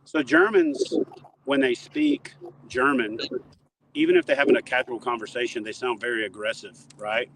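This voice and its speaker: A man's voice: medium pitch, normal speed, vocal fry, background noise. Rambling man telling stories outdoors. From Toledo Bend area, southern US. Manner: animated, rambling, joking. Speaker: interview guest. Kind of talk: casual storytelling. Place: outdoors near a dock.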